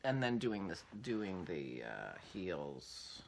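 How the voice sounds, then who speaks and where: A woman's voice: very deep voice, very animated, slow, vocal fry, a little mellow, slight background noise. An older woman hosting a casual vlog, chatting in a rambling way as she thinks aloud. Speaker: podcast host.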